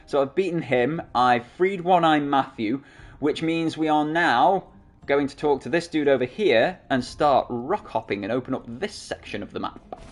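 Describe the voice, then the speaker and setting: A chatty man commenting on a game as he plays, mocking himself as he goes. His voice sits fairly high and swings around a lot. Faint game music plays behind him, close on a desktop mic. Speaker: gaming channel host. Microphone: desktop USB microphone.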